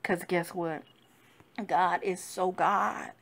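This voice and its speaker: A woman minister giving a devotional sermon, fervent and rising and falling with emphasis, at times soft and grieving. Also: on the low side, fairly even intonation, slow pace, gravelly, slight background noise.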